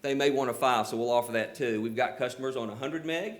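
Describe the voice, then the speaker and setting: A man's voice: mid-range voice, fast. An older man with a rural Southern accent, presenting his company at a public hearing and taking questions, earnest, with lots of "you know" fillers. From Georgia, US. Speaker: telecom company representative presenting.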